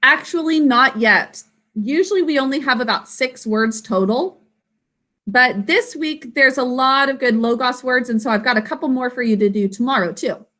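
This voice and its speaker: A woman teaching her class over a video call, patient and encouraging as she walks through each word step by step. Her voice is bright and somewhat high, with a forceful edge. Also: normal speed. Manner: explains step by step. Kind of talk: classroom instruction.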